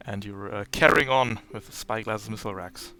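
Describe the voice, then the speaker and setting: Male GM voice, low-ish and bright, laid-back rules explainer. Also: faint music behind. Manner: relaxed, explaining rules with filler pauses. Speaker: game master. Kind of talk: running an online tabletop game.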